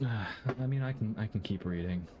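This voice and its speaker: A male streamer chatting casually over a game, stumbling through his sentences with restarts and fillers. His voice is lowish and mellow, with a faint hum of noise behind it. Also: muffled recording. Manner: halting, stammering, lots of fillers.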